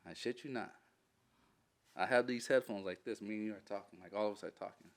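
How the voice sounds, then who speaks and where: A man who is a military veteran, telling a war story in a casual interview, swearing freely, animated and laughing as he goes. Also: fairly low pitch, fast talker.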